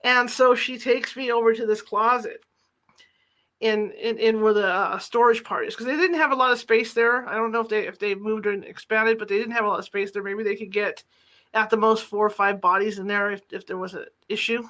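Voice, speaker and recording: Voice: medium pitch, fairly even intonation, a little fast, bright, forceful tone. A podcast host casually telling a personal story from reporting days, acting out the dialogue in quotes. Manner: chatty, retells dialogue in quotes. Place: lives in the Sacramento area.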